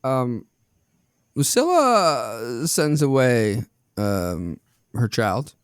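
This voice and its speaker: A man co-hosting a movie podcast who asks dry, drawn-out rhetorical questions in casual chat. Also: medium pitch, very animated, smooth, no room sound. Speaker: podcast co-host.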